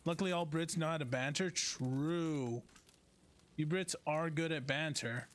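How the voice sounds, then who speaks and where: A man's voice: fairly high pitch, measured pace, a bit bright. A man streaming a role-play game, chatting casually and teasing with frequent laughs. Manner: joking, teasing, laughs often.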